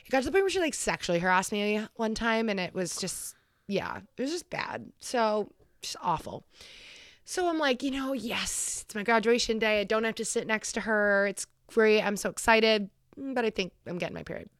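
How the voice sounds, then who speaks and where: A woman's voice: mid-range voice, animated, normal speed, no room sound, clean studio sound. A young woman telling a long story in casual, profane chat.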